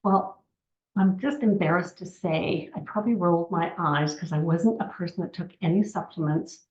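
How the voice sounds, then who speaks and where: A woman's voice: on the low side, normal speed, darkish tone. Older woman, sixties, chatty testimony speaker, roomy and slightly muffled sound. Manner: chatty storytelling with many asides. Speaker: network marketing distributor. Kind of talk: personal testimony talk. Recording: roomy, slightly dull recording.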